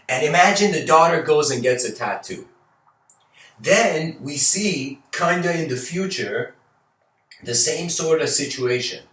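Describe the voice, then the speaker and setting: A man's voice: medium pitch, lively intonation, moderate pace, a bit bright. A man giving a casual, rambling lecture, playfully acting out little scenes and laughing often. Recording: roomy echo, mic at a distance.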